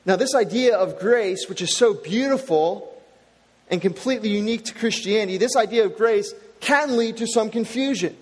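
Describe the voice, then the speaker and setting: Male pastor, high voice, emphatic sermon delivery; sanctuary reverb. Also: normal speed. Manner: emphatic, repeats key phrases.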